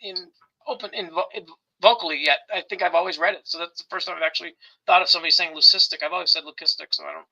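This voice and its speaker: Co-host, male, quick gravelly talker, bright tone, dull lo-fi audio. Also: high voice. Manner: excitable storyteller, laughs often, animated ranting. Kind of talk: casual chat.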